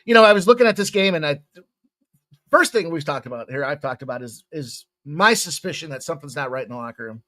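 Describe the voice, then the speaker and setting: A man with a fairly high, lively voice talks through sports betting picks in a loose, rambling way. He jokes and swears casually as he goes, and his pitch swings up and down constantly. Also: fast talker.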